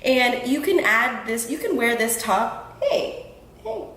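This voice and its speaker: A podcast host speaks to her audience from a home room in Houston in a slightly high, expressive voice with a fairly bright tone and measured pace. Her talk is earnest yet casual, full of ums and restarts. The audio is poor and sounds roomy.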